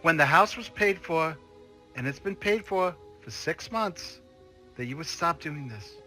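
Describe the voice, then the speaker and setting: A man's voice: on the high side, lively intonation, a little slow, sharp tone, soft background music. A man voicing a fed-up nagging wife. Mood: reproachful. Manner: nagging, emotional, pleading. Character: exasperated wife, woman, fed up and pleading. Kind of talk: improvised tabletop role-play.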